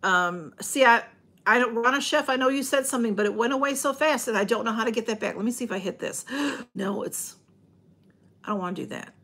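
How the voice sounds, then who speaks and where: A woman's voice: fairly high pitch, fairly quick, fairly bright tone, husky. A woman chatting on a livestream from home, rambling and greeting viewers by name as she reads their comments. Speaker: livestream host. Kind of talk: casual livestream chat.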